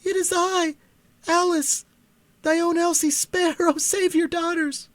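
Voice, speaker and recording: A man's voice: very high-pitched, flat delivery, slow pace, a bit bright, dry recording, voice pushed up, heavily acted. A man voicing a frightened young woman who cries out pleadingly for her father, in a storybook reading. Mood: desperate.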